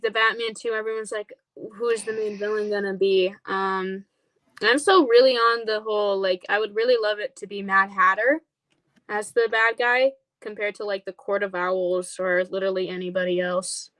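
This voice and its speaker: A woman's voice: mid-range voice, steady tone, normal speed, a bit bright. A woman co-hosting a casual podcast chat, speaking hesitantly with many fillers.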